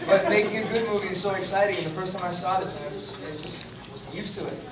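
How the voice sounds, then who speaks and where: A man's voice: high-pitched, fast talker. A man speaking as a guest at a live stage Q&A, bashful and mumbling. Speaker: panel guest. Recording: far echoey theater, crowd.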